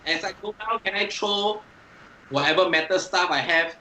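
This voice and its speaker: A man's voice: high voice, moderate pace, pushed and bright, poor audio. A man playing a tabletop wrestling game, rambling and laughing with hesitant restarts. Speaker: player. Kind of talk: tabletop role-play.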